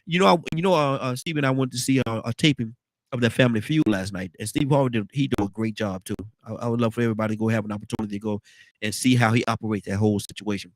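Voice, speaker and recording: A man's voice: medium pitch, racing, no room sound. A man hosting a casual morning talk show, congested and rambling, often repeating words. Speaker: radio talk show host.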